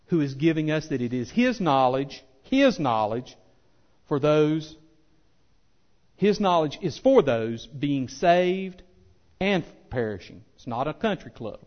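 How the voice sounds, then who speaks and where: A man preaching from the pulpit, his fairly high voice climbing into fervent, loud appeals before falling back to hushed earnestness. The recording is dull and lo-fi, like an old church tape. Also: expressive, slow. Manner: impassioned preaching, rising loud then softening. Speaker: pastor. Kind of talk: sermon.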